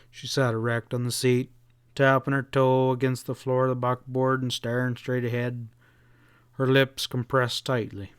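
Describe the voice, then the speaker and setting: A man's voice: mid-range voice, clear, resonant tone, no echo. Male audiobook narrator, dry close sound. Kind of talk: scripted narration.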